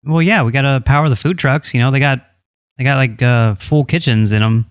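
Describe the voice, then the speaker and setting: A man's voice: medium pitch, a little fast, smooth, no room sound, muffled recording. Smug teasing man making a prank call. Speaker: prank caller posing as HOA official.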